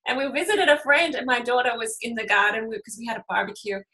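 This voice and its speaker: Woman, 30s, slightly high pitch; casual, laughing class host full of fillers. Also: animated, fast talker, pushed and bright, low-quality recording. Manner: chatty, laughing storyteller, many fillers. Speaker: essential oils class host. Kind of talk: casual talk to a group.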